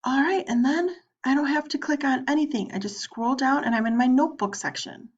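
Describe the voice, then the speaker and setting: A woman's high-sitting voice, a little fast, leads a screen-recorded online lesson walkthrough. She chats casually as she clicks, voicing students' questions and taking both parts, and the sound is lo-fi.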